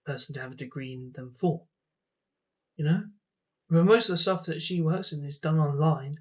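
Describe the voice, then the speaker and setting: Exasperated young man, lo-fi. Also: a little high. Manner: rambling and exasperated, many "like"s. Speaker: vlogger. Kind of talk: casual storytelling vlog. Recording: dull lo-fi sound.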